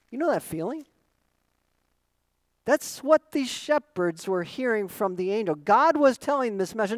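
Middle-aged male pastor, high voice, dry close sound, dynamic sermon delivery. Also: very animated, normal speed, dry recording, poor audio. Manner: dynamic preaching with rhetorical questions, swinging from loud emphasis to quiet asides.

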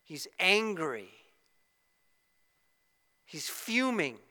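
Man, pastor preaching, bright voice, emphatic, shifts from soft to loud, long hall reverb. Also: high voice, sing-song, drawn-out words. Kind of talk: sermon.

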